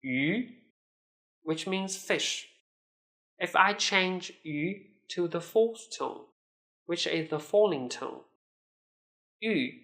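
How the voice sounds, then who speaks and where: Very slow woman teacher. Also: low-pitched, fairly bright tone. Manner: careful, deliberate enunciation with repeated model syllables. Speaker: Mandarin teacher. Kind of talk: pronunciation lesson.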